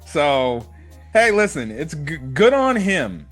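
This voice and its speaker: A man's voice: medium pitch, measured pace, soft background music. A man hosting a casual anime review, talking animatedly and swearing freely. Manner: animated, acts out quotes, swears. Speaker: host.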